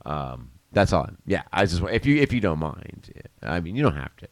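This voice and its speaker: A man's voice: sits low, very animated, normal speed, no echo. Laid-back man chatting on a livestream. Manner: laid-back, laughs often, swears casually. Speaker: livestream host. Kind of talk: casual chat. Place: studio.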